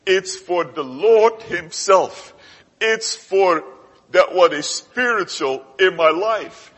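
A man preaching a sermon to his congregation, slow and emphatic, swelling to loud rises and dropping to hushed passages. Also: high-pitched, lively intonation, slightly rough, big-room sound. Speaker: pastor. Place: church.

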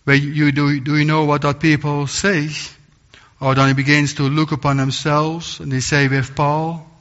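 A man preaching a sermon in earnest, halting English, often restarting and repeating words. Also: fairly high pitch, little pitch movement, a bit bright. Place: church. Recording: long church reverb, dull lo-fi sound.

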